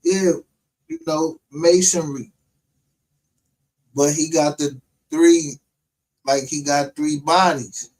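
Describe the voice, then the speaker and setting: A man's voice: on the high side, fairly even intonation, slow pace, long pauses, a little mellow, rough recording. A man hosting a livestream, rambling in casual, profane commentary and laughing often. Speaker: livestream show host.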